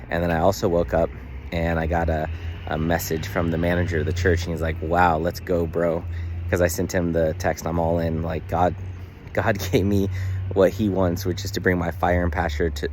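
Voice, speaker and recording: Earnest male vlogger, very low voice, phone camera outdoors, faint hiss behind. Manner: earnest, emotional, many fillers. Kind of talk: casual daily vlog. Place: outdoors in the sun.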